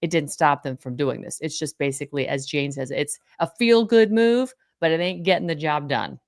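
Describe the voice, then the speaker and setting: A woman's voice: sits low, moderate pace, no echo, studio quality. A woman from Florida, a guest on a podcast, telling stories animatedly and acting out quotes. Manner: animated storyteller, acts out quotes. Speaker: interview guest. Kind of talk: casual interview chat.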